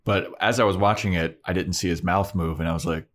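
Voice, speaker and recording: A young man with a low voice co-hosts a casual podcast. He retells scenes in an animated way, slipping into the characters' voices and swearing freely. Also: fairly quick. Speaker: podcast co-host. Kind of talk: casual chat recapping an episode.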